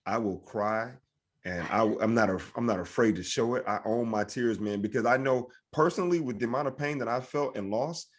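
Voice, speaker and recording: A man's voice: medium pitch, a little fast. A man hosting a podcast in casual chat, speaking emphatically and earnestly, peppered with dude and man.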